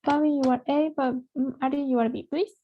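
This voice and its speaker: This online English teacher speaks a little fast in a high, steady voice, mixing English and Spanish as she encourages students over video with repeated "right?". The sound is lo-fi.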